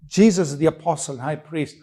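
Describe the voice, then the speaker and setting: A man's voice: fairly high pitch, fast talker, mellow, breathy edge. A man preaching a sermon, emphatic and repetitive, with rhetorical questions and frequent restarts.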